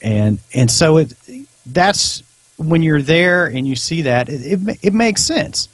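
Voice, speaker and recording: A man's voice: a little high, animated, slow, no echo. A man, a former police officer, speaking as a guest on a podcast and explaining his views earnestly and at length. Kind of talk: casual discussion.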